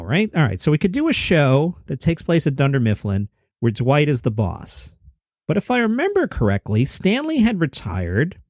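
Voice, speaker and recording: A man's voice: medium pitch, a little mellow, no room sound, studio quality. A man hosting a comedy news podcast, chatting through headlines casually and thinking aloud with asides. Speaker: podcast host.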